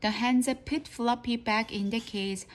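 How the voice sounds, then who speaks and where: A woman reads a children's storybook aloud at an unhurried pace. Her delivery is careful and deliberate, like someone practicing reading aloud. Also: fairly high pitch, fairly even intonation. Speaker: reader.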